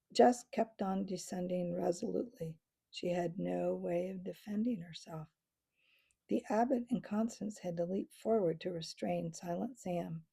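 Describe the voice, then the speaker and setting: Woman with a gravelly voice reading a storybook aloud. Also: medium pitch. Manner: expressive storytelling with small slips. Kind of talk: children's book read-aloud.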